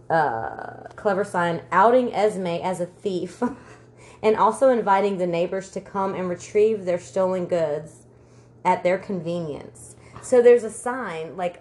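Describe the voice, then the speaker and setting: A woman's voice: on the low side, darkish tone, slight background noise. A woman co-hosting a podcast, telling stories in casual chat, laughing often and swearing freely. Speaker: podcast co-host.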